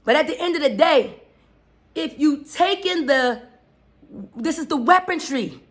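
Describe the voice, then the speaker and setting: Fiery high-voiced woman preaching profanely. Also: lively intonation, a little slow. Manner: profane, preachy, shouting at times. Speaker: spiritual speaker. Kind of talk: fiery spiritual rant.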